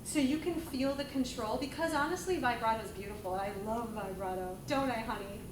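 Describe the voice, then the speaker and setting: A woman's voice: on the high side, brisk, noisy background. A woman vocal coach teaching a group class, chatty and enthusiastic, often laughing. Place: large room with a class. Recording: echoey room, voice from a distance.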